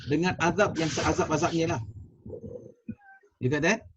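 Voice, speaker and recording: A man's voice: on the high side, fairly even intonation, moderate pace, noisy background. A man with a Malaysian accent teaching a Quranic Arabic class over a video call, switching between Malay and English, repeating words and quizzing his students. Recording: dull lo-fi video call audio.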